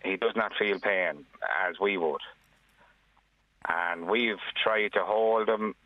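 An Irish father speaking earnestly on a radio phone-in, with plain, halting restarts. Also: fairly low pitch, no room sound. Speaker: caller, father. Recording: dry tinny phone line.

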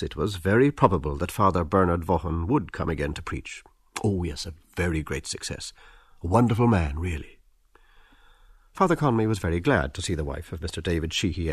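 Deep-voiced man reading a novel aloud. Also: slightly rough, dry recording, clean studio sound. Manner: measured, expressive literary reading. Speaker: audiobook narrator. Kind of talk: scripted narration.

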